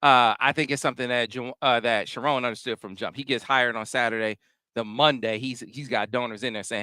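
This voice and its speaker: A man hosting a casual sports talk show, speaking in a measured, analytical way with frequent restarts. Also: medium pitch, bright, forceful tone, clear, resonant tone, no echo.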